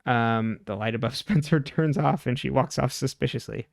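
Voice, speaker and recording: A man's voice: medium pitch, moderate pace, creaky, no room sound, studio quality. A man co-hosting a podcast, recapping a TV episode in a loose, chatty way with lots of "like" and "um" and frequent laughs. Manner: chatty, heavy on "like" and "um", laughs often. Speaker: podcast co-host.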